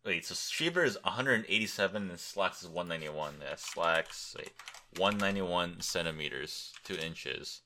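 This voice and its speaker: This solo podcast chat comes from a young male host who is worn out and wandering, joking crudely and musing aloud as he searches for things. He speaks at a normal speed in a low, expressive voice that sounds pushed and bright.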